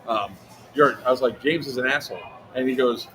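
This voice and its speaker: A man casually telling a long, profane story, quick and animated. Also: medium pitch. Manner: fast, animated, swearing anecdote teller. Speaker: livestream co-host. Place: outdoor airsoft event. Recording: noisy event ambience.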